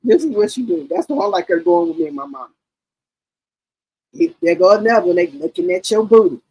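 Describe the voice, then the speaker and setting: A middle-aged woman hosting a livestream, telling stories in a casual, animated, slangy chat and often repeating herself. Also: lowish voice, fairly quick, slightly rough, rough recording. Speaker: livestream host.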